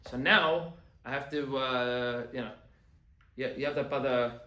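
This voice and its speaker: A man, a rabbi, giving an animated Torah class and acting out quoted complaints. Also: mid-range voice, unhurried, reverberant.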